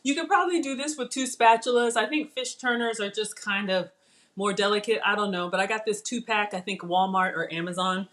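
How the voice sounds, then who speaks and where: A middle-aged woman, chatting excitedly while cooking live and tasting food. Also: mid-range voice, a little fast. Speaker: cooking livestream host. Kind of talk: casual live cooking chat.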